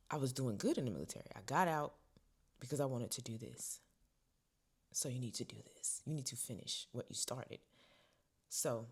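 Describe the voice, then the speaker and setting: Telling a personal story in a relaxed, expressive vlog, a young woman shifts between quiet whispers and loud outbursts. She has a very deep voice.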